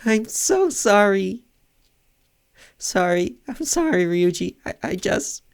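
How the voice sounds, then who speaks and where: A man's voice: sing-song, slow pace, vocal fry, clear, resonant tone, exaggerated voice. A man doing a tearful teenage schoolgirl. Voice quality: high strained pitch, voice near breaking. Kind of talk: game dialogue read aloud.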